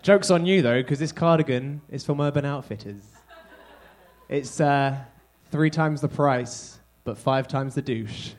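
A man's voice: mid-range voice, measured pace. A man from England with an English accent doing a stand-up comedy set, talking in a punchy, self-deprecating, conversational way.

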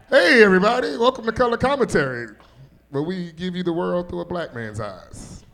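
A man's voice: high-pitched, very animated, moderate pace, creaky, long pauses, a bit bright, full character voice. A man doing a brash, crude comedy bit on a talk show, laughing between lines. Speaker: comedian doing a recurring character segment. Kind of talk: loud stand-up style comic bit.

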